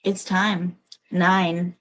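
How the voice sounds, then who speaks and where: A woman's voice: on the low side, level tone, extremely slow, rough recording. A woman giving a livestreamed collective tarot reading, emotional and emphatic, urging listeners on and swearing casually. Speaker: tarot reader.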